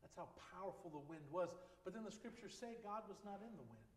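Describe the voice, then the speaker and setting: A man's voice: high-pitched, very animated, fast. A man preaching an informal sermon as a pastor, speaking conversationally with joking asides. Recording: echoey hall with long reverb.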